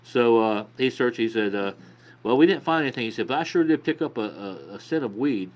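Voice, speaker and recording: A man's voice: medium pitch, expressive, fairly quick, highs cut off. A man telling a rambling, profane bar story in casual podcast chat. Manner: profane, rambling anecdote with acted quotes.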